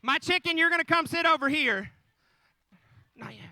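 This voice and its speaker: A man's voice: extremely high pitch, animated, normal speed, sharp tone, no room sound, low-quality recording. A man in his thirties telling a folksy, joking nativity story to a live audience, with asides to the crowd. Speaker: storyteller on stage. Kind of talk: comic live retelling of the nativity.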